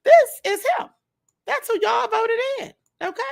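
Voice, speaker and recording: A woman's voice: very high-pitched, measured pace, creaky. A woman hosting a live stream, commenting on the news in a sassy, laughing way and calling her viewers honey.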